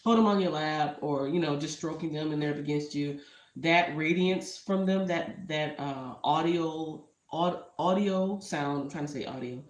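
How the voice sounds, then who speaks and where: In a low voice at a moderate pace, this entrepreneur vlogger chats casually on camera, sincere and a little emotional, repeatedly slipping into side remarks. The recording has a roomy echo.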